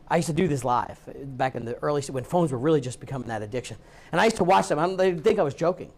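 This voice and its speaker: High-voiced man giving a lively training talk. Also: rapid-fire. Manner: lively, acts out what people say. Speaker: real estate trainer. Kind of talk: live training talk to a room. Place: training room with an audience.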